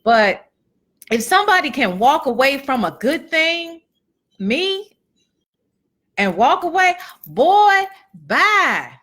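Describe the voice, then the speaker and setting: A woman's voice: high voice, sing-song, slow, pauses often, fairly bright tone. A middle-aged woman giving a chatty, earnest motivational talk to a live audience, repeating phrases for emphasis and reading out comments from viewers. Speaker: motivational speaker and event host.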